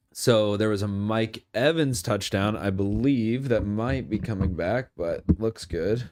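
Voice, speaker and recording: A young male streamer with a slightly low, darkish voice gives casual, rambling football commentary, a little slow yet hardly pausing. He's jokey and erupts at big plays.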